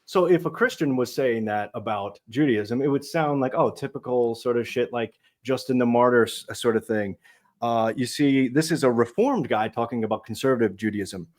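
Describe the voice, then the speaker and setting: A man appearing as a guest on a talk show, arguing in an animated way and swinging between loud and soft. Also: mid-range voice, moderate pace. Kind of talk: casual talk show conversation.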